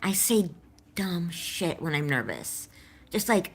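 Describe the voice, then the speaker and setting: A woman's voice: sits low, expressive, unhurried. A woman chatting candidly on a livestream, rambling and self-doubting, with a slight lisp that comes out when she is nervous.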